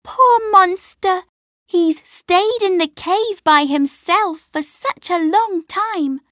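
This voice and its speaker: A woman voicing a warm-hearted little girl who speaks eagerly. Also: very high-pitched, slow, no echo, clean studio sound, pitched above the performer's own voice, heavily acted.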